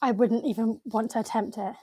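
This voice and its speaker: A woman's voice: on the high side, fairly even intonation, fairly quick, dark tone, husky, no room sound. A young woman from Scotland with a Scottish accent, chatting casually as a podcast guest, modest and self-deprecating. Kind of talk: casual chat.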